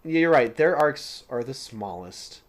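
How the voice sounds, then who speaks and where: A man co-hosting a casual film podcast, talking with enthusiasm and gentle teasing. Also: mid-range voice, lively intonation, a little slow. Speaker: podcast co-host.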